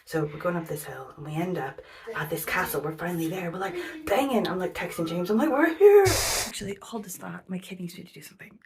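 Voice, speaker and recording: Over crowd noise, a woman vlogger with a lowish, steady voice talks fast, recounting a trip in a loose, chatty way. She leans on "like" and "um," imitates the people she quotes, and occasionally lowers her voice to a near whisper.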